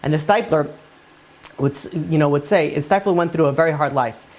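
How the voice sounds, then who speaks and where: A man's voice: a little high, brisk. A man, a rabbi, giving an informal Torah class, retelling Talmud stories in a conversational way with many fillers.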